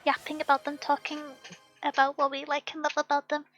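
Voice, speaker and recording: A woman's voice: high-pitched, monotone, brisk, a bit bright, soft background music. A woman streamer hosting a casual live chat, with a lisp on her L and R sounds and a habit of giggling between words.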